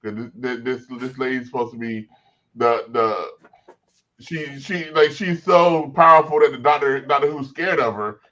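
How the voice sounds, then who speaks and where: A man's voice: medium pitch, moderate pace, sharp tone. A man on a discussion panel, talking casually and repeating words as he restarts his thoughts. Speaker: podcast panelist. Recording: dull lo-fi sound.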